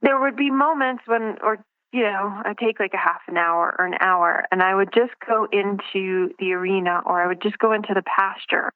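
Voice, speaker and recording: This woman speaks at medium pitch and a moderate pace, recorded dry over a tinny phone connection. As a guest in a casual phone interview, she talks reflectively, often restarting sentences while hunting for the right words.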